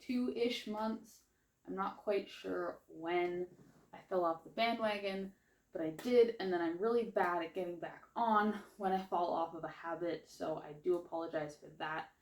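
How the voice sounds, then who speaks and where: A woman's voice: on the low side, measured pace, roomy sound. A woman book vlogger chatting casually through a reading wrap-up, with a slight lisp and a rambling manner full of fillers. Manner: chatty, rambling, lots of likes and ums.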